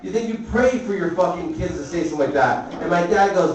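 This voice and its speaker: A man doing stand-up comedy, telling a rambling, profane story and tossing quick asides to the crowd. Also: a little high, lively intonation, distant mic, muffled recording. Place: comedy club. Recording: echoey club recorded from afar.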